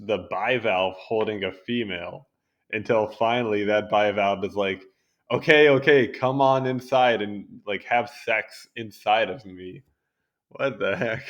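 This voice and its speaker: Young man, lowish voice, casual read-along commentary, rambling and sidetracked. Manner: rambling, easily sidetracked, amused asides. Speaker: video host reading a wiki article.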